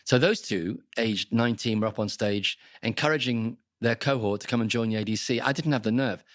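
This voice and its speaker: An older man with a softened Liverpool accent, telling wry, lively anecdotes as an interview guest. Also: mid-range voice, brisk, no echo, studio quality. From Liverpool, England. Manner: lively storyteller, wry, animated asides. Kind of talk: conversational anecdotes.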